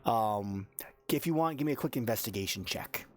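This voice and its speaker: A man narrating as game master in a casual, halting way with many fillers. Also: on the low side, animated.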